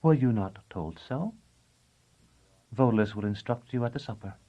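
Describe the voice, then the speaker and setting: A man reading an audiobook, voicing a cooing, gracious noblewoman who speaks softly and in a measured way. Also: mid-range voice, animated, highs cut off, close to an everyday voice.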